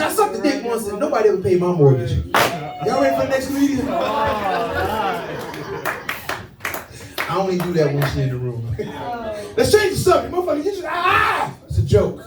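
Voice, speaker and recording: A man hosting a comedy show, telling loud, profane stories between acts on a club stage. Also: sits high, heavy background noise. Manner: loud, profane, animated storytelling. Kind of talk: stand-up emcee banter. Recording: roomy club audio from a distance with crowd.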